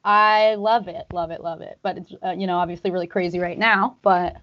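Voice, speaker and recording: A woman from Arizona chatting casually, telling animated stories and laughing often as she talks. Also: lowish voice, fairly quick, dull audio. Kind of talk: casual chat. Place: rooftop, outdoors.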